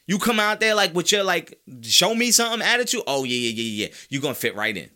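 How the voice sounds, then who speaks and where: A man hosting a sports talk podcast, ranting with loud, high-pitched outbursts between stretches of lower, calmer talk. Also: fast talker. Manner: animated, swings into high-pitched shouts. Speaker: podcast host. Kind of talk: fired-up sports talk rant.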